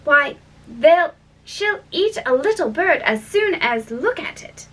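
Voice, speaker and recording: Eager earnest young girl, put on by a woman reader, high voice, slow storybook delivery, distant mic. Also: sing-song, fairly bright tone, full character voice.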